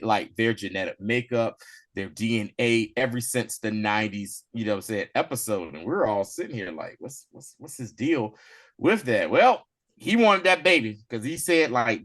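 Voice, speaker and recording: A young man hosting a podcast, recapping an episode in animated, slangy storytelling. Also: fairly low pitch, dry recording. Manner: animated, slangy storytelling that slips into quick character voices. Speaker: podcast host.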